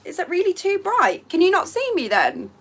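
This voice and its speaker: A woman's voice: very high voice, wildly swooping pitch, normal speed. A woman hosting a casual live stream from home by a window, chatting to viewers in a rambling way and reading out their comments.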